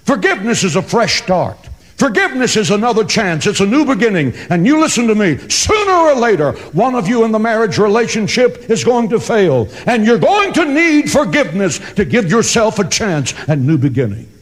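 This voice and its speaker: A man preaches a sermon in a high voice that climbs and plunges dramatically as he drives his points home. His delivery is emphatic and theatrical, with quick joke asides. The sound rings with the long reverb of a large hall. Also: big pitch swings. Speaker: pastor.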